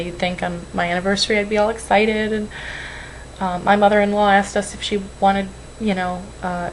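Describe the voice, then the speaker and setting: A young woman talks into her webcam at home, her voice a little low, rambling and apologizing as her nerves show. She sounds close to tears. A faint hiss sits under the webcam audio. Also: low-quality recording. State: tearful. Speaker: weight-loss vlogger. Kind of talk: emotional webcam vlog.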